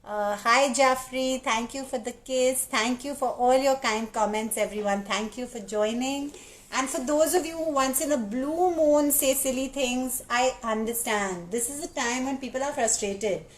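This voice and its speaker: Chatty woman with a raised pitch. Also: unhurried, poor audio. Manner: chatty, candid, reads viewer comments aloud. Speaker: live-stream host. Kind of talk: casual live-stream chat.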